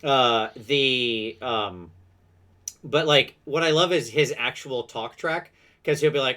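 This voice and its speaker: A man hosting a podcast, chatting casually with quick asides and self-deprecating laughs. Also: medium pitch, sharp tone. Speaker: podcast host. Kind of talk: casual chat.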